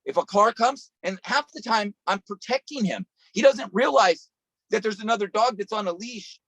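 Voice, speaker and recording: A man preaches over a video call in an earnest storytelling manner, circling back and restarting his phrases. His voice sits somewhat high for a man. The sound is close and dry, with no room around it. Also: moderate pace, a bit bright, breathy edge, no room sound, rough recording. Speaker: pastor. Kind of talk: sermon.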